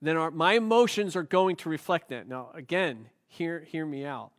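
A man's voice: fairly high pitch, normal speed. A middle-aged man preaching a sermon, talking in a loose, joking, conversational way with frequent restarts. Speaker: pastor.

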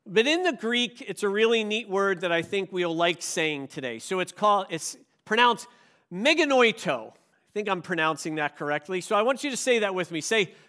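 A man preaching a sermon, emphatic and animated, leading his congregation in call-and-response. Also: sits high. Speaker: pastor.

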